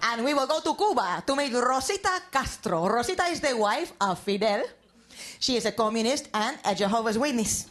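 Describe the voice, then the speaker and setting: A woman voicing a pompous female host of a late-night TV news show, with a grand, slow announcer delivery, recorded live on stage. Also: a little high, expressive, fairly bright tone, slight background noise. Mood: grandiose.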